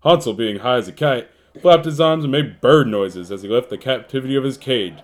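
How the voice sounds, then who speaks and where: A man's voice: mid-range voice, brisk. A man narrating a fairy tale as a comedic parody, in a mock-storybook tone peppered with street slang.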